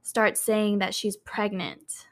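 A woman's voice: medium pitch, fairly even intonation, takes it slowly, a bit bright. A woman co-hosting a podcast, telling a story in a casual, chatty way, full of "like" and "um" and free with swear words. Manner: chatty, filler-heavy, swears freely. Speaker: podcast co-host.

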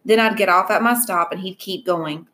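A woman reading a novel aloud in a steady, even narration. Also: medium pitch, normal speed, slight background noise. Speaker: reader.

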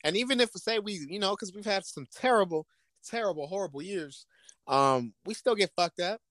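A man's voice: high voice, normal speed, no echo. A man talking football in casual, profane banter, acting out imagined conversations in different voices. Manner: profane, animated, acts out imagined dialogue. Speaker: podcast co-host. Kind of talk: casual sports chat.

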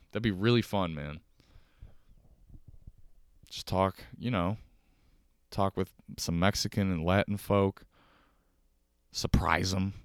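Low, smooth-voiced Chicago guy rambling. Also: a bit bright, dry recording, studio quality. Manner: rambling, self-deprecating, swears freely. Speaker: podcast host. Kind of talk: casual solo podcast rambling. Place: home, on a couch.

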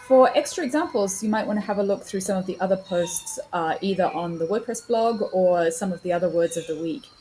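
A woman's voice: mid-range voice, a little fast, hardly any pauses, mellow, a little hiss or hum, low-quality recording. A woman hosting a podcast, explaining word stress and pronunciation in a casual spoken lesson, with frequent fillers and self-corrections. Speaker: podcast host teaching pronunciation.

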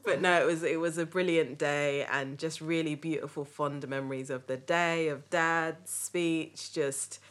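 A woman hosting a podcast, telling family stories in a lively, laughing way. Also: low-pitched, measured pace, hardly any pauses. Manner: lively, laughing, animated retelling. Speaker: podcast host. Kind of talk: casual storytelling chat.

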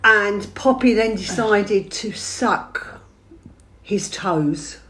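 A woman's voice: medium pitch, extremely slow, a bit bright, a little hiss or hum. A middle-aged woman from England telling family stories in a chatty, laughing manner, hosting a casual chat. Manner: chatty, storytelling, laughing often. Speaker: podcast host.

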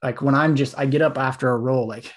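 A man co-hosting a podcast, telling animated stories in casual chat and acting out what people said. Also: medium pitch, a little fast. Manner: animated storytelling, lots of "like", acts out quotes. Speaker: podcast co-host.

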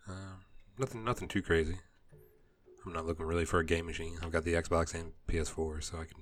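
A man's voice: low-pitched, fairly even intonation, a little fast, soft background music. A man co-hosting a podcast, laid-back and a little hesitant in casual talk. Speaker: podcast co-host.

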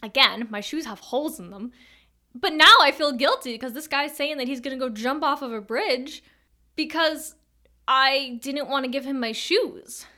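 A young woman in her twenties tells a story in a relaxed storytime style. Her voice sits slightly high and has a crisp, bright edge. She rambles, circles back to tangents and leans on filler words. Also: moderate pace. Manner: chatty, rambling, full of "like" and tangents. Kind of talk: casual storytime vlog.

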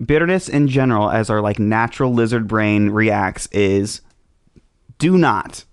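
A man's voice: fairly low pitch, moderate pace, clear, resonant tone. A man hosting a casual podcast chat, explaining at length with frequent restarts. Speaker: podcast host.

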